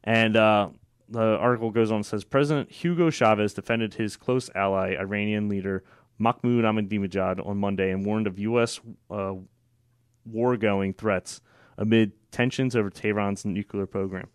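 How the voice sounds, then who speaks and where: Male talk show host, opinionated, sarcastic, low-pitched, dry close mic. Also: fairly even intonation, normal speed, clear, resonant tone, dry recording. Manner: opinionated, sarcastic, frequent fillers and restarts. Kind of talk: conversational political talk.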